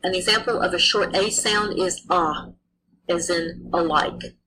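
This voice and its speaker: A woman's voice: on the low side, fairly even intonation, unhurried, sharp tone, a little hiss or hum, low-quality recording. A woman teaching a pronunciation lesson, carefully sounding out letters and example words.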